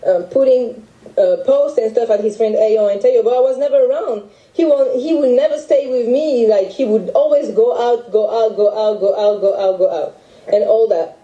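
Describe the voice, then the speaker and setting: A young French woman with a French accent, recounting a personal story in halting speech full of restarts. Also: on the high side, warm tone, roomy sound, lo-fi sound. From France. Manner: halting, with many restarts and fillers. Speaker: guest telling her story. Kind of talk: emotional personal account.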